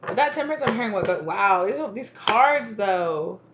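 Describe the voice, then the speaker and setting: A woman's voice: medium pitch, animated, moderate pace, lo-fi sound. A woman talks through a tarot spread in a casual, chatty way, swearing freely and playing out what people might say. Her voice sits in the middle range. The recording has a roomy echo and a faint background noise. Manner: chatty, swears freely, laughs, acts out quoted lines. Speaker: tarot reader. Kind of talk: casual spoken tarot reading.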